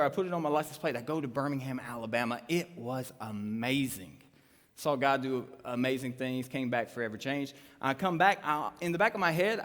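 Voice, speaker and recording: A man, a pastor telling a personal story in a live sermon, acting out the voices in his tale. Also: medium pitch. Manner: animated storytelling with voiced quotes. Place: church auditorium. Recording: live sermon in a large hall.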